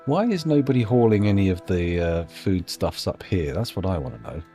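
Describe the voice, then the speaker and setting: A man with a low voice chats through a live gameplay stream, his pitch swinging about as he thinks out loud. He rambles and pokes fun at himself, with faint game music running underneath. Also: lively intonation, normal speed. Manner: rambling, musing aloud, self-deprecating asides. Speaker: streamer playing a colony-building game.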